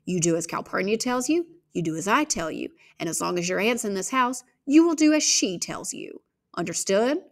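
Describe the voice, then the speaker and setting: A woman voicing a calm, stern middle-aged father in a storybook reading, speaking evenly and firmly. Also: medium pitch, close to an everyday voice. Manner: even and measured.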